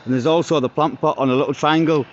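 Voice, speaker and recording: A man's voice: fairly high pitch, steady tone, fast, dull audio, a little hiss or hum. A man talking casually to his viewers outdoors, chatty and pleased as he shows a spot to the camera. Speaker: vlogger. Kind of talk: casual vlog narration to camera. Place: outdoors by a house.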